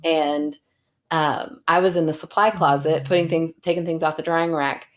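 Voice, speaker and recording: A woman in her thirties co-hosts a casual podcast with a slightly low voice. She reads stories and chats, laughing often and acting out the moments she retells. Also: steady tone, normal speed. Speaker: podcast co-host. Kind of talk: casual chat and story reading.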